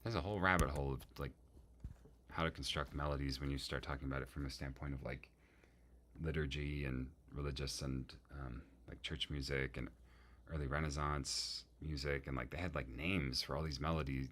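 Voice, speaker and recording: A man's voice: a bass voice, fairly even intonation, a little fast, fairly bright tone. A man composing music and thinking aloud, muttering to himself and humming melodic lines on "da".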